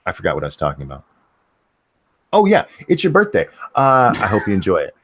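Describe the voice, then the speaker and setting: A man hosting a casual podcast, his voice swinging up and down in pitch as he rambles through the news. He swears freely and talks in loose, rambling runs. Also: wildly swooping pitch, fast talker, fairly bright tone, slight background noise. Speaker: podcast host. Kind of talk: casual chat, news commentary.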